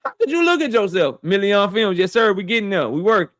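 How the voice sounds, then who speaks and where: A high-pitched man, hosting a live boxing talk stream. He rants at his viewers in a heated, profane and mocking way. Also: sing-song, fairly quick, a bit bright. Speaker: boxing talk show host.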